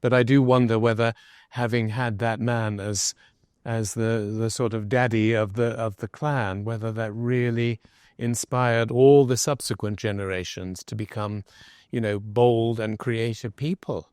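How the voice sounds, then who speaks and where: A man's voice: fairly low pitch, fairly even intonation, a little slow, darkish tone, clear, resonant tone, no room sound, clean studio sound. A man interviewing a guest, asking long, effusive and admiring questions.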